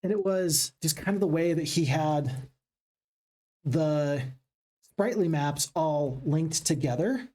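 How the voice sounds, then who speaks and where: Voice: medium pitch, slow, long pauses, mellow. A gaming channel host giving upbeat, casual let's-play commentary and chatting with viewers.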